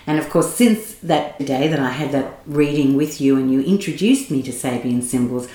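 Low-voiced woman interviewer, echoey. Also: expressive, mellow. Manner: measured, admiring questions. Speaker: interviewer host. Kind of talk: interview questions. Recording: roomy echo.

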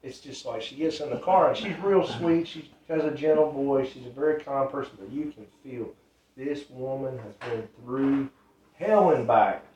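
A man's voice: medium pitch, normal speed, darkish tone. Earnest man, casual spoken testimony, roomy echo, distant mic. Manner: earnest, repetitive, loose grammar. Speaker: ministry storyteller. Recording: roomy, distant, dull sound.

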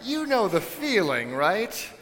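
A man preaching a sermon to his congregation, casual and animated, with joking asides to his listeners. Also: high voice, slow, long reverb tail. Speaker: pastor. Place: church sanctuary.

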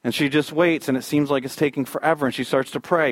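A man preaching a sermon, telling a story and building to loud high peaks before dropping to a near hush. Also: fast talker, hardly any pauses, dry recording. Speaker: pastor.

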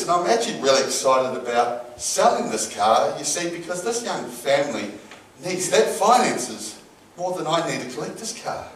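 A man's voice: on the high side, slight background noise. A man preaching a sermon and telling a story with acted-out voices. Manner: storytelling, acts out voices in an anecdote. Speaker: pastor. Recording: echoey hall from far off.

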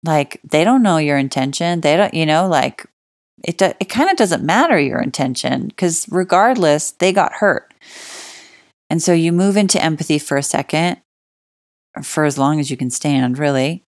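Low-voiced woman giving emphatic advice. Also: animated, moderate pace, no room sound, clean studio sound. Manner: emphatic, stresses key words, acts out example dialogue; conversational fillers like "like" and "you know". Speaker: relationship advice speaker. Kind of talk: casual spoken advice.

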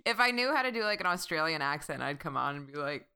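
A playful woman appearing as a guest in podcast chat, with a voice that is low for a woman yet bright. She is self-deprecating and joins in the banter easily. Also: animated, quick pace, clean tone.

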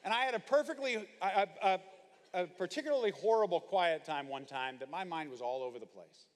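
A man preaching with a fairly high voice, telling his stories with lively, comic asides. His voice carries a long reverb, as in a large hall. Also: fairly quick. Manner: animated storytelling with comic asides. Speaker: pastor. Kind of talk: sermon.

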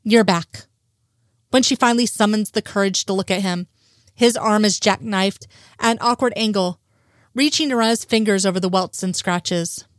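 A woman reading a romantic story aloud in a steady narrating voice. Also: mid-range voice, normal speed, no room sound, studio quality. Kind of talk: reading fan fiction aloud.

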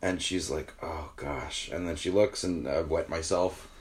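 A man with a very low, deep voice chats loosely on a podcast. He jokes around and spins a rambling story. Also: steady tone, normal speed, a little mellow. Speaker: podcast co-host. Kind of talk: casual chat.

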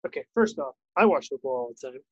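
A man's voice: medium pitch, lively intonation, quick pace, breathy edge, no room sound. Podcast co-host, male, blunt and casual, dull dry remote audio. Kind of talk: casual sports podcast chat. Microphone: wireless earbuds, then switched mic.

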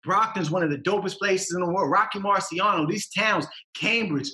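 A man's voice: sits high, moderate pace, sharp tone, echoey room. A man, a rapper talking as a podcast guest, passionate and emphatic with street slang. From Massachusetts. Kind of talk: casual podcast interview.

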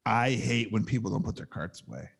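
A man in casual podcast banter, animated and profane, acting out exasperated quotes. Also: lowish voice, fairly quick, creaky, crowd noise. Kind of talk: casual chat.

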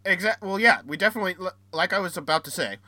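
An American man talking through an argument in a loose podcast chat, circling back with fillers and restarts. His voice sits a touch high and sounds bright and forward. The recording is close and dry, with no room sound. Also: animated, racing, no echo. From United States. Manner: rambling, repeats himself, hesitant fillers. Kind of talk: casual debate chat.

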